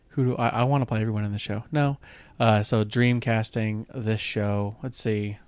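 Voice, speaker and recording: A man's voice: fairly low pitch, fairly even intonation, unhurried, pauses often, a little mellow, smooth, dry recording. A man co-hosting a podcast in casual chat, easygoing and agreeable, often answering with short "right" and "mm-hmm". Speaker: podcast co-host. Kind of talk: casual chat about musical theater.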